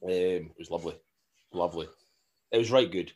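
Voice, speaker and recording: A Scottish man in his thirties, co-hosting a podcast as a casual chat, telling animated stories with frequent laughing and swearing. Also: sits low, brisk, slightly rough. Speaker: podcast co-host.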